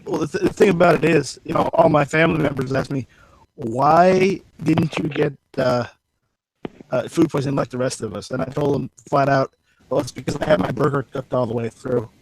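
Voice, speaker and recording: A man's voice: on the high side, a little fast, gravelly, slight background noise, low-quality recording. A man chatting in an online voice lobby, joking and stumbling over the starts of his sentences. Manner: stammering restarts, joking. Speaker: voice chat participant. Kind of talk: casual chat.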